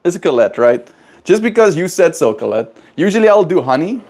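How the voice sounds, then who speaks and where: A man's voice: on the high side, big pitch swings, fairly quick, a little mellow. A man live-streaming from home in a playful, silly way, chatting casually and answering viewers' comments. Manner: playful, silly, reads chat aloud. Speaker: livestreamer.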